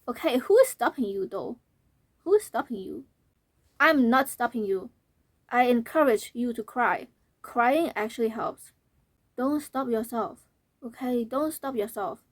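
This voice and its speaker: A woman's voice: a little high, dry recording. Earnest young woman, fading voice. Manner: earnest and emphatic, repeating points. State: voice fading, slightly hoarse. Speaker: vlogger. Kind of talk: talking to camera, reading out comments.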